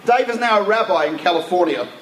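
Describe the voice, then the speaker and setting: A man's voice: high-pitched, animated, fast talker, a crowd in the background. A man telling a story in a lecture, talking casually with asides and restarts. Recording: echoey room with faint ambient noise.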